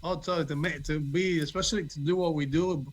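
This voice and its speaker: A man chatting easily as an actor guest on a podcast, talkative and relaxed. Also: fairly high pitch, a little fast. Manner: easygoing, talkative. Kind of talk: casual interview chat.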